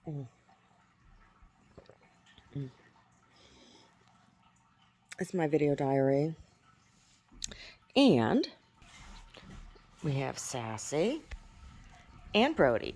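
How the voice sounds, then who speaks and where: A woman's voice: sits low, sing-song, very slow, pauses often, darkish tone. A woman speaks into her video diary in a loose, casual way. She sounds aggrieved and rambles, often stopping to restart her phrases. She is recording at home with her cats nearby. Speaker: video diarist.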